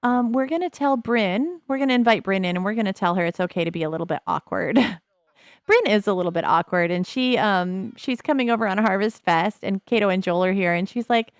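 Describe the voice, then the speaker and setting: A woman's voice: mid-range voice, fairly quick, dry recording, clean studio sound. A middle-aged woman casually commenting on a life-simulation game, chatty and wry, laughing often and slipping into character voices. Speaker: let's play host.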